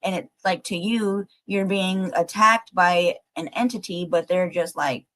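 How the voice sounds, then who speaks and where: A woman hosting a casual livestream, rambling excitedly with lots of fillers and the odd swear as she thinks aloud to her viewers. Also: on the low side, measured pace, hardly any pauses. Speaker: livestream host.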